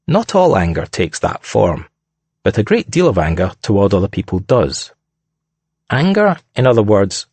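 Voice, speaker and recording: A man reading scripted narration in a measured, deliberate way. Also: on the low side, darkish tone, slightly rough, dry recording.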